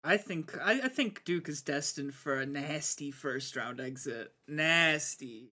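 Man, bright tense tone, slightly high voice, casual sports banter. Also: expressive, a little slow.

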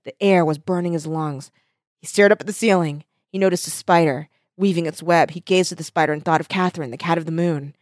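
A woman's voice: sits low, fairly even intonation, brisk, no room sound, studio quality. A woman co-hosting a casual book discussion who laughs easily and reads passages aloud.

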